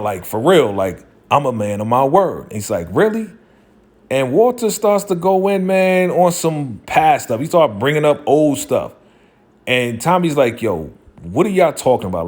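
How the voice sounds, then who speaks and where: Animated man retelling a TV episode. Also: medium pitch. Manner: animated retelling, acting out quotes with slang. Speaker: TV show recap host. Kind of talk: casual episode recap.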